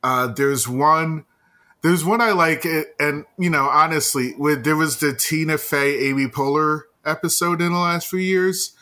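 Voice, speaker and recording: Slow deadpan Jersey comic, man. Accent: New Jersey. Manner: deep deadpan comic delivery. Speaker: podcast guest. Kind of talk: casual chat.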